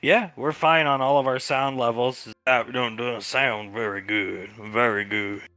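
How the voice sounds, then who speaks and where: A man's voice: mid-range voice, steady tone, sharp tone, dry recording, soft background music. A young man playing a tabletop role-play game, chatting playfully in and out of character. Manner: playful, quick asides and laughing. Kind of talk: casual role-play chat and in-character talk.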